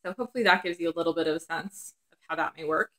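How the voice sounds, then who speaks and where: A middle-aged woman therapist speaking to camera in a casual, reflective way. Her voice sits a little low, and she pauses often to search for words with soft fillers.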